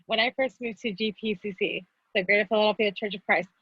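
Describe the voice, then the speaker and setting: A woman's voice: medium pitch, fairly even intonation, fast talker, breathy edge, dull audio. A woman from Texas in a casual, candid chat, teary at times and swearing freely. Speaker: podcast co-host.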